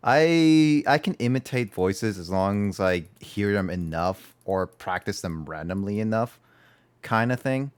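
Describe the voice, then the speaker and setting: A man's voice: on the low side, unhurried, clear, resonant tone. A man streaming a video game, chatting casually and rambling, correcting himself as he talks. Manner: rambling, self-correcting, animated. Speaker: gaming streamer. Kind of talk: casual livestream chat.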